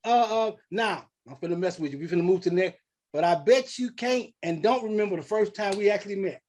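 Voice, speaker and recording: A lively man from St. Louis with a noticeably high voice leads a casual interview. He speaks, acts out quotes in his stories, and laughs often. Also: fairly quick. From St. Louis, USA. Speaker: podcast host.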